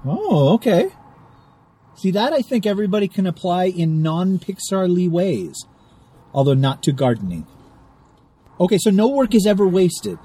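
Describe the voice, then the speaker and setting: A man co-hosting a casual podcast, joking and playful, with a husky voice. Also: high-pitched, big pitch swings, normal speed, pauses often, warm tone. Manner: jokey, playful. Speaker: podcast co-host. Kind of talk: casual chat.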